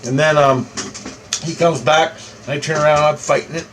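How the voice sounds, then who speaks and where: A man's voice: fairly high pitch, fairly even intonation, moderate pace, a bit bright, slight background noise, poor audio. A man telling a story in a casual, rambling way, repeating himself and swearing freely. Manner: rambling, repetitive, profane. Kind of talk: casual first-person storytelling.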